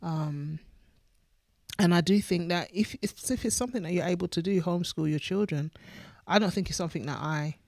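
A woman's voice: on the low side, brisk, creaky, darkish tone, dry recording, clean studio sound. A woman pastor co-hosting a faith podcast, talking earnestly and emphatically, often repeating words as she builds a point. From United Kingdom. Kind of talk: casual faith chat.

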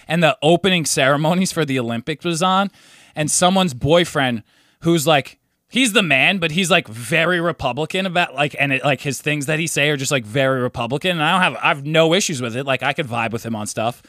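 A man's voice: mid-range voice, brisk, a bit bright, dry recording, clean studio sound. A young man co-hosting a podcast, telling stories in a laid-back, profane way with lots of "dude". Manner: laid-back storyteller, swears, says dude a lot. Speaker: podcast co-host. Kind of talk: casual chat.

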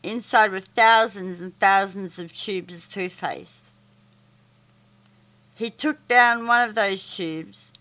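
A woman reading a children's story aloud, halting with stumbles and restarts. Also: medium pitch, pushed and bright.

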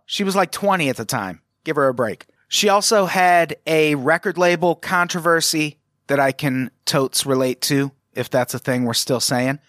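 An American man narrates a commentary video with a sarcastic, profane edge and quick animated asides. His voice sits a little high for a man. The recording is dry and close, with no room sound. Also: dry recording. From United States. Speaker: commentary host. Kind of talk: casual scripted commentary.

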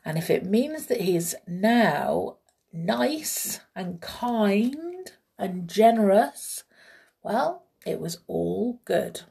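A woman with a medium-pitched, gravelly voice reads a children's story, drawing out her words. She's gentle and expressive, chatting warmly with the kids listening.

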